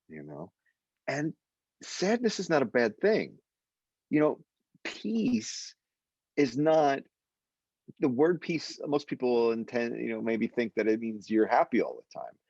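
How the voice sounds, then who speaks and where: Gravelly, husky male meditation teacher. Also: no echo, lo-fi sound. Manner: animated and emotional, with sudden high exclaimed quotes. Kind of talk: guided meditation session.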